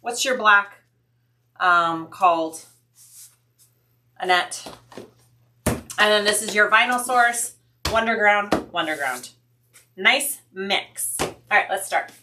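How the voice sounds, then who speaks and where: A woman's voice: mid-range voice, slow pace, pauses often, background noise. A woman hosting a sewing livestream, chatting casually with viewers, thinking aloud and answering their comments.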